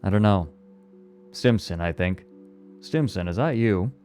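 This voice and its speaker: A man's voice: sits low, expressive, a little slow, warm tone, soft background music. A man doing a tense, firm spaceman. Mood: urgent.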